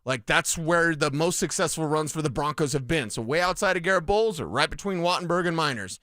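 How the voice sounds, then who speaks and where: A man's voice: a little high, a little fast, pushed and bright, dry recording. A man from Colorado co-hosting a sports radio show, breaking down plays in a chatty, joking way in a studio. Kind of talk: casual sports talk radio. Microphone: studio microphone.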